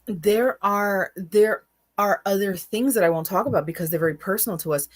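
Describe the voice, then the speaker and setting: A woman's voice: medium pitch, normal speed. A woman in her forties talking openly and emotionally in a casual podcast chat, often restarting and repeating words. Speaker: co-host.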